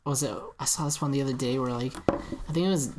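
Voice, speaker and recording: A man's voice: mid-range voice, fast, darkish tone. A young man co-hosting a podcast, joking around, laughing often and swearing freely. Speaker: podcast co-host. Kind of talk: casual chat.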